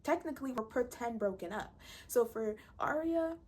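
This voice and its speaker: A woman's voice: on the high side, lively intonation, normal speed, a little mellow, slightly rough. A woman giving a blunt, profane, exasperated recap of a reality show. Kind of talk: casual ranting recap.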